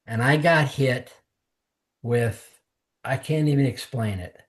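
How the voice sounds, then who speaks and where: A man's voice: mid-range voice, slow pace. A man, a podcast guest, candidly telling his personal testimony in conversation and acting out what others said to him. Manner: earnest, candid storytelling that mimics others' words. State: emotional, close to tears.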